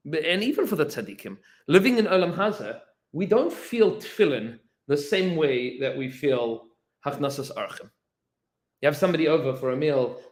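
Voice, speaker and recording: A man's voice: fairly high pitch, echoey room, low-quality recording. A man, a rabbi, teaching an informal Torah class, telling stories with lots of fillers and restarts and acting out the quoted lines. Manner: animated storyteller, many fillers and restarts, acts out quotes. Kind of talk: informal Torah lesson with storytelling.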